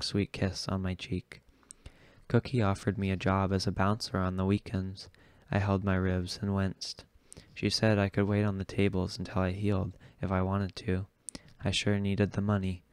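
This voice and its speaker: A man reading an audiobook chapter aloud in a steady, unhurried way. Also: deep voice, clear, resonant tone, dry recording. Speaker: audiobook reader. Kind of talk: audiobook narration.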